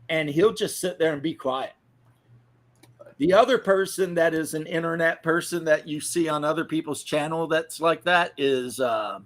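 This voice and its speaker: A man's voice: a little high, fairly bright tone. A man from the American South hosting a casual podcast chat, telling rambling, profane, joking stories. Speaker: podcast host.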